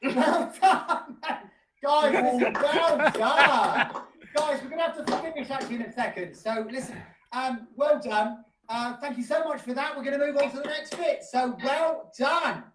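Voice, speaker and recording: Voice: high-pitched, unhurried, noisy background. A drama group leader hosting an online session, full of upbeat praise and loose, improvised links. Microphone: video call.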